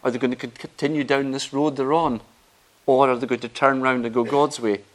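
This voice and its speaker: A man preaching a sermon, earnest and emphatic, rising in pitch and volume on key phrases. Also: fairly even intonation, brisk.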